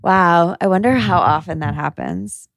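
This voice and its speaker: A woman's voice: lowish voice, moderate pace, creaky, no echo. A young adult woman co-hosting a casual chat podcast, wry and teasing. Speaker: podcast co-host.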